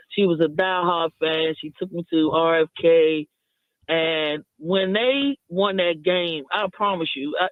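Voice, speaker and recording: A man calling into a sports radio show, emotional and fired up, talking fast. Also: a little high, no room sound. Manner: emotional, fired-up, preaching pep. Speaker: radio caller. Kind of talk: call-in radio fan call. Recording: phone line.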